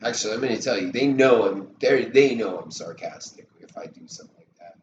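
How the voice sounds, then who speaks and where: A man's voice: medium pitch, expressive, fairly quick, lo-fi sound. A man in his thirties rambling and swearing on a live stream, sarcastic and loose. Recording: echoey room with loud background noise.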